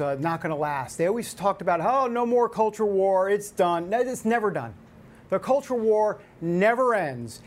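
A man hosting a news talk show, giving opinionated commentary in an animated, exasperated way, with many fillers and restarts. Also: high-pitched.

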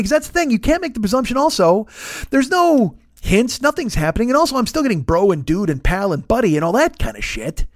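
A man in his fifties, a podcast host, telling a long story in an animated, profane, self-mocking way. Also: high voice, fast, no echo, studio quality. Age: 50s. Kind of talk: storytelling monologue.

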